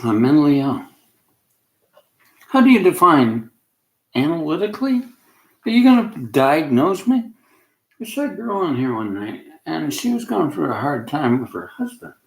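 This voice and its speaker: A man rants to camera in a rambling, agitated way, often dropping a sentence halfway through. His voice swings widely in pitch. The room around him sounds bare and echoey. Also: very animated, normal speed, gravelly, pauses often. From Canada.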